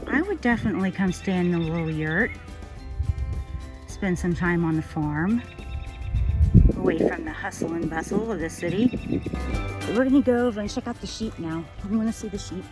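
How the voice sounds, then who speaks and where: Female vlogger, casual farm-tour chat over clear background music. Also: normal speed, long pauses. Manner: high sing-song voice when talking to animals. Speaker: travel vlogger. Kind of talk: casual vlog narration. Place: outdoors on a small farm.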